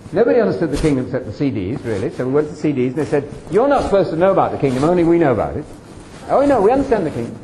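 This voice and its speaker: Animated older man giving a testimony. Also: mid-range voice. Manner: animated, emphatic, addresses listeners directly. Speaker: speaker addressing a congregation. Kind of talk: personal testimony talk. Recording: roomy echo, faint background noise.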